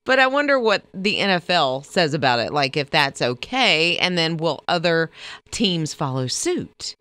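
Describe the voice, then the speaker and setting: A woman co-hosting a morning radio show, chatting casually, reacting quickly and laughing often. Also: sits low, sing-song, a bit bright, no echo.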